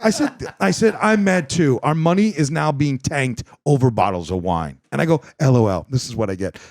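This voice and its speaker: A man hosting a podcast, telling a story in a profane, animated way and acting out both sides of the quoted conversations. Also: medium pitch, a little fast, dry recording. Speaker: podcast host. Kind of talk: casual chat.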